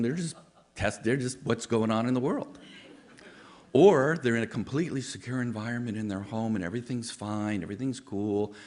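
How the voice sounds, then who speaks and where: A man with a very low, gravelly voice delivers a conversational sermon-style talk. He is a psychologist who tells stories, often slipping into the voices of people he quotes. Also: darkish tone. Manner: chatty, storytelling, acts out quoted voices. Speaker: psychologist giving a Sunday talk.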